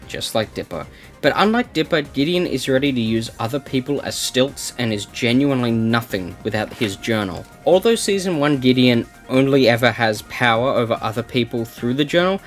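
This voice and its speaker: A man reads his scripted review with keen, emphatic energy, leaning on repeated words to drive a point home. His voice sits at a medium pitch. Faint music plays softly underneath. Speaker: video essayist reviewing a cartoon series. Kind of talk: scripted commentary narration.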